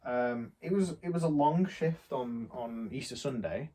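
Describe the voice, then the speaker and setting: A man's voice: medium pitch, measured pace, warm tone. A young man from England chatting casually, retelling a shop argument in a rambling way. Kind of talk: casual chat, storytelling.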